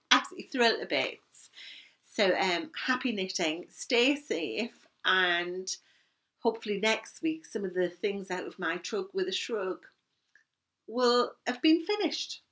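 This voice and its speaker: A Geordie woman in her fifties talks to camera in a loose, rambling way, laughing easily as she goes. Her voice sits fairly low but rings bright and forceful. She is a knitting vlogger in a casual chat.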